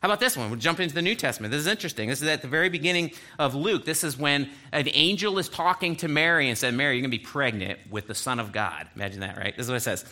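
A man's voice: mid-range voice, expressive, racing, few pauses, pushed and bright. A man preaching a sermon, reading scripture aloud and breaking in with explanatory asides. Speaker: pastor.

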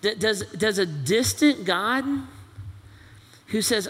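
A man's voice: sits high, expressive, takes it slowly, pauses often, fairly bright tone. A man preaching a sermon as pastor, pressing his point with repeated rhetorical questions. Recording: long reverb of a large hall.

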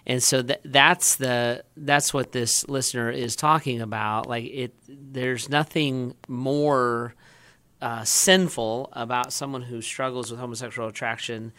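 A man's voice: medium pitch, steady tone, measured pace, bright, forceful tone, dry recording. A man, a pastor, explaining his view earnestly on a podcast and often restarting his phrases. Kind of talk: conversational teaching.

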